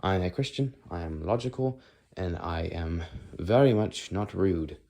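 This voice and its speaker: This teen boy has a deep, gravelly, warm voice and a moderate pace. Filming a casual walk-and-talk vlog, he rambles and thinks out loud as he goes, frequently breaking off mid-thought.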